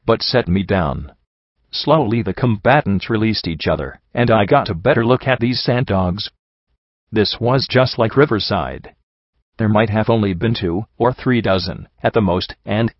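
Low-voiced man reading a story aloud. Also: dry recording, highs cut off. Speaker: audiobook narrator. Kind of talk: audiobook narration of fan fiction.

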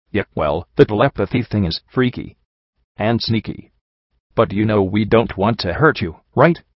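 Male storyteller, low, dry close voice, slightly dull recording; plain audiobook read. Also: no echo. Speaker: narrator. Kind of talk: audiobook reading of fan fiction.

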